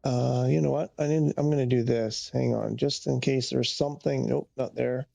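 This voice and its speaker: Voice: medium pitch, fairly even intonation, moderate pace, vocal fry, dark tone, no echo. A flight sim streamer talking to themselves during live gameplay, muttering, sighing often and getting easily frustrated.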